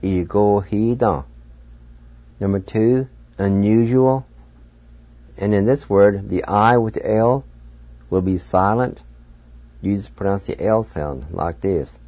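A man hosting a radio language lesson, patiently spelling out words letter by letter and pronouncing each one slowly. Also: lowish voice, mellow, no echo, muffled recording. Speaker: radio language teacher and host.

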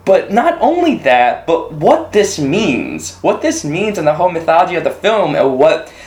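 A man co-hosting a podcast, casually discussing a movie and excitedly retelling a scene with lots of restarts. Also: on the high side, normal speed. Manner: animated retelling, full of restarts. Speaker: podcast co-host.

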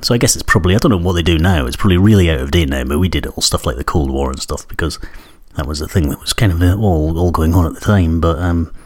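This podcast host is a Scotsman in his thirties with a touch of Newcastle in his accent. He delivers a loose, meandering monologue, poking fun at himself and packed with filler words, in a low, darkish voice.

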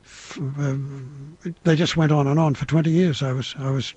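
A man's voice: mid-range voice, flat delivery, normal speed, mellow, slightly rough, no room sound, highs cut off. An older man with an Australian accent, telling showbusiness anecdotes in an interview with rambling restarts and quoted voices. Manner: rambling raconteur, hesitant restarts, mimics others in quotes. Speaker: interview guest, veteran entertainer.

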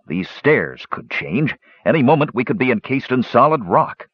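A man's voice: mid-range voice, very animated, normal speed, slightly rough, no room sound, lo-fi sound, pitched above the performer's own voice. A man voicing a tense, wary young male warrior.

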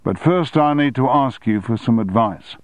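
A man voicing a powerful middle-aged male newspaper tycoon who speaks briskly and with authority. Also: medium pitch, lively intonation, dry recording, voice pushed up, lightly acted.

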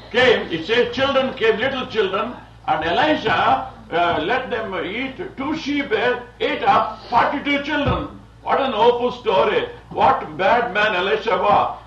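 An Indian man, a visiting Bible teacher, gives a rambling, lecture-like sermon, chuckling often and saying "you see." His voice is high-pitched and fairly bright, with a slight hiss or hum. The old recording sounds dull, roomy, and distant.

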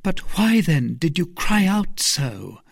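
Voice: medium pitch, sing-song, slow pace, gravelly, husky, dry recording, clean studio sound, pitched above the performer's own voice, full character voice. A reader voicing an earnest young novice nun in a storybook reading, with a raised, eager character voice. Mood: jealous.

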